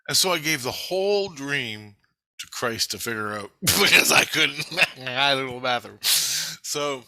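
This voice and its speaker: Bright-voiced man rambling through a story. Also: medium pitch, unhurried, no room sound, clean studio sound. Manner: rambling, profane, retelling a dream. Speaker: vlogger. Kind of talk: casual storytelling monologue.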